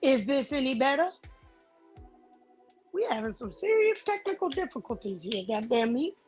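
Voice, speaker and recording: A woman host chatting casually and directly with her viewers in a relaxed, slangy way, speaking into a headset. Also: sits high, moderate pace, soft background music, low-quality recording. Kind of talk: casual livestream chat.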